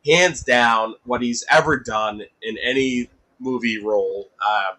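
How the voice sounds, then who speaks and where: A man from the Massachusetts area, a podcast guest in casual chat, animated and often laughing, who gets loud when he rants. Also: mid-range voice, unhurried.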